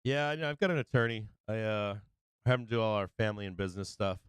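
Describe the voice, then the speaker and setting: A man's voice: lowish voice, fast, smooth, no echo. A man hosting a live stream who tells stories in a loose, rambling, profane way, restarting sentences and laughing as he goes. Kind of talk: casual rambling storytelling.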